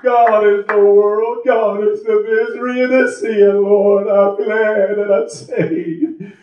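A man's voice: sits high, steady tone, slow pace, roomy sound, far from the mic, dull audio. An older man, preaching an emotional testimony, fervent, at times tearful and laughing. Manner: fervent, sobbing and laughing through words.

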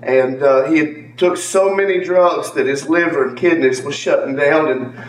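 A man's voice: a little high, moderate pace, slight background noise. Man giving church testimony. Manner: earnest, repeats phrases, calls on congregation members by name. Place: church sanctuary. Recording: echoey church from far off with faint ambience.

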